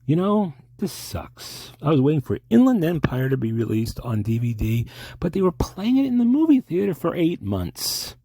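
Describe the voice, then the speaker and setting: A man rambles through an absurd comedy sketch, halting and mock-formal. His voice is low, gravelly and husky, and his pitch swings widely. The sound is dry and close. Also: big pitch swings, warm tone, no echo.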